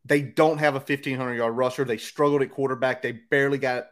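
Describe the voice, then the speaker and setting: A man's voice: medium pitch, steady tone, fairly quick. An American man hosting a casual sports podcast, making brash, fired-up predictions. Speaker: podcast host.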